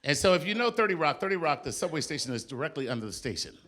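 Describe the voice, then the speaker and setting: Animated, bright-voiced male stand-up comic. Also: a little high, rapid-fire. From New York. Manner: animated storytelling, mimics voices and accents. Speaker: stand-up comedian. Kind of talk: stand-up comedy set. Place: comedy club stage with a live audience.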